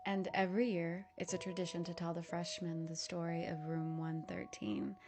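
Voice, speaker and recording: A woman's voice: lowish voice, level tone, a little fast. A young woman narrating a scary college story in a dramatic, scripted way. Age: young adult. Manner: dramatic, drops to whispers for effect. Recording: narration over loud music.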